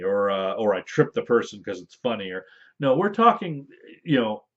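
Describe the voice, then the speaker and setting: Animated man rambling about game rules. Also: on the low side, moderate pace. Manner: rambling, animated, with fillers and playful asides. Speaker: tabletop game designer. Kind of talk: casual explanatory talk. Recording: dull lo-fi audio.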